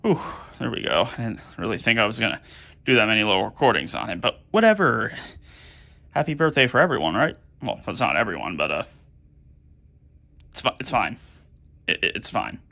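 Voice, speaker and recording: A man's voice: fairly low pitch, sing-song, a little fast, vocal fry, pushed and bright. A man casually talking to the camera while he fiddles with a toy recording, rambling and stammering as he thinks aloud. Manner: stammering, rambling, muttering to himself.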